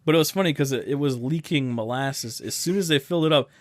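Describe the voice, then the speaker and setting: A man's voice: medium pitch, quick pace, no echo. A young man co-hosting a comedic history podcast, playful and teasing, tossing in jokey asides. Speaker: podcast co-host. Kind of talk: casual comedic history chat.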